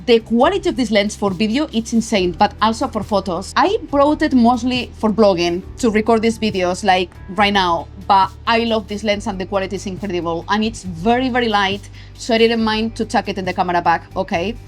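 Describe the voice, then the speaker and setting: A woman's voice: medium pitch, fairly quick, hardly any pauses, soft background music. A young woman with a Spanish accent, talking casually and emphatically about her travel camera gear in a vlog, often adding "okay?". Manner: chatty, emphatic, tags lines with "okay?". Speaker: photography vlogger. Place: travel location.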